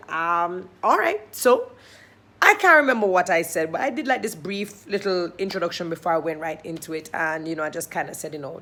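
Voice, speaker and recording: A young woman with a Jamaican accent, hosting and telling a personal story in a casual, animated way, acting out her thoughts and other people's lines. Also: fairly low pitch, moderate pace. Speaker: host.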